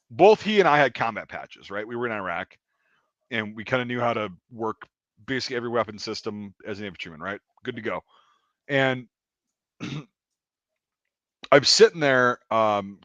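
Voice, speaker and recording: A man's voice: medium pitch, normal speed, pauses often, no room sound. A man, an army veteran, telling war stories in a casual, profane chat. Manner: profane, animated anecdote telling. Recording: dry, slightly dull sound.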